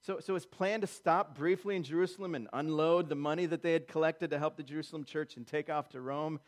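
A male pastor delivering a sermon with a somewhat higher-pitched voice. He jumps into voiced quotations and hammers points home with repetition. His delivery swings between soft asides and forceful declarations. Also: fairly even intonation, fast. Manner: preaching with dramatic voiced quotes and emphatic repetition.

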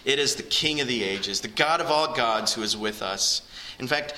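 A man preaching in a church, his voice very bright and ringing. He speaks earnestly and directly to the people in front of him, lifting his pitch and volume to press home each point. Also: moderate pace, rough recording. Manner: earnest, rises in pitch and volume for emphasis, addresses the congregation directly. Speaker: pastor. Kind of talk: sermon.

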